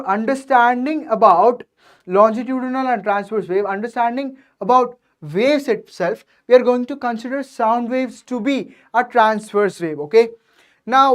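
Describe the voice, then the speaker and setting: A woman teaching a science revision lecture, explaining step by step and checking in with her students after nearly every point. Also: on the high side. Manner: addresses students directly and checks understanding.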